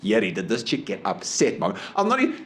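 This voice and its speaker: A South African man co-hosting a casual podcast, telling stories with plenty of laughter. His pitch swings widely and he often slips into voices for the people he describes. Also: a little fast, slight background noise. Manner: animated storyteller, laughs often, mimics people. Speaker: podcast co-host. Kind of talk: casual chat.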